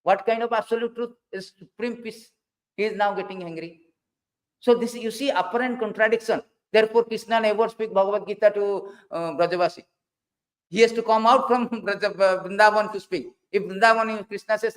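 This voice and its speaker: A man preaching a scripture class, animated, swinging from loud bursts to low asides and acting out quoted dialogue. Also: low-quality recording. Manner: quotes figures in dialogue, halting restarts.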